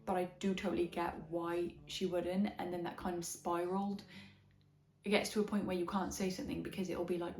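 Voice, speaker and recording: A woman's voice: fairly low pitch, flat delivery, fairly quick. A young Welsh woman with a slight Midlands twang, chatting frankly and enthusiastically as she reviews books. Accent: Welsh, with a slight English Midlands twang. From Wales. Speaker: book vlogger. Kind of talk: casual book review. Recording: echoey room with soft background music.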